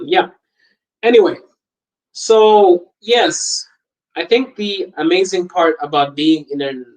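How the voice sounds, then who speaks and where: Young guy from botswana hosting a live podcast, slightly high voice, jokey and laughing a lot. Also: poor audio. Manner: laughs often, animated and jokey. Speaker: podcast host reading live chat. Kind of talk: casual live-stream chat.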